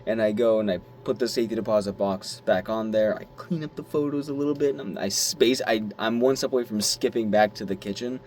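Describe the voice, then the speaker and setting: A young man vlogging at his desk, telling a story in a rambling, animated way, swearing now and then and squealing when he acts out his excitement. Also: fairly low pitch, fairly quick, few pauses, slight background noise. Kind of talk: casual talk to camera.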